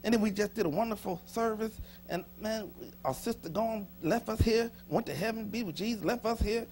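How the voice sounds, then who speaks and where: A man preaching a sermon as pastor, folksy and joking with the congregation, swinging between soft asides and sudden shouts. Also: high voice, fairly quick, a little hiss or hum. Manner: folksy, humorous, talks to the congregation. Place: church sanctuary.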